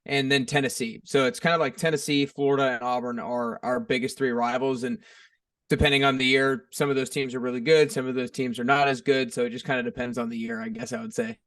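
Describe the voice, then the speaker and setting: A man's voice: medium pitch, steady tone, fast, a bit bright, dry recording, clean studio sound, distant mic. A man from Atlanta with a light Southern accent, a podcast guest talking in an easygoing, friendly and laid-back manner. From Atlanta, Georgia. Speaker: podcast guest, fitness coach. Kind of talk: casual interview chat.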